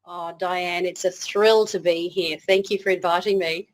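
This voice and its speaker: A woman's voice: on the low side, fairly even intonation, moderate pace, rough recording. A woman with an Australian accent, a guest in an interview, telling her story in a chatty way, laughing easily and often restarting her sentences.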